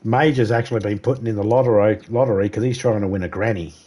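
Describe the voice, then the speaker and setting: An Australian man live-streams a video game, casually chatting with his viewers and cracking crude jokes. His voice sits fairly low and is mellow and steady, and he talks fast, chuckling between lines in a stream of crude, joking banter.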